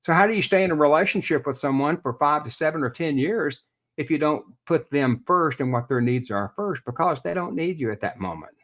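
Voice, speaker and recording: A man's voice: a little high, animated, brisk, fairly bright tone. A man, a real estate expert guest on a podcast interview, explaining earnestly and repeating words as he thinks.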